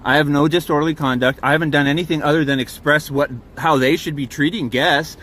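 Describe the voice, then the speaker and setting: Fired-up guy venting in his truck on a phone cam, swears a lot, rambles, voice sits a bit high. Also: fairly even intonation, a little fast, fairly bright tone. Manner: heated, profane, rambling with restarts. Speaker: campground guest filming a confrontation. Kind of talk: agitated first-person recounting and confrontation. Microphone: phone camera.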